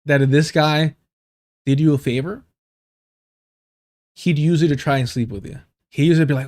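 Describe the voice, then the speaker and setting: A male streamer with a slightly higher voice rips into a clip, swearing freely and mocking his target. He keeps a heated, sarcastic commentary going. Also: normal speed, pauses often, a little mellow. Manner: profane, mocking, mimics people in exaggerated voices. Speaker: livestream commentator. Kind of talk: reaction commentary on clips.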